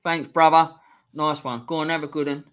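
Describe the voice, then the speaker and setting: A man's voice: a little high, flat delivery, normal speed, a bit bright, clean tone. A man hosting a fan livestream, chatting in matey, casual banter. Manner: matey, chummy. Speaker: host of fan campaign livestream.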